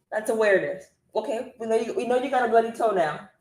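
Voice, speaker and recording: An energetic online business coach teaches her live-stream viewers directly, chatty and upbeat, speaking fast with few pauses. Her voice is middle-pitched, and the sound echoes around the room.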